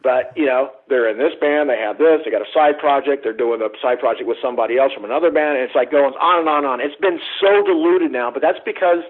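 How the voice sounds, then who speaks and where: Husky middle-aged man on a phone line. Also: medium pitch, fast talker, hardly any pauses. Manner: rambling, profane, acts out quoted dialogue. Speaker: guest photographer. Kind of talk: casual storytelling. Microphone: phone call.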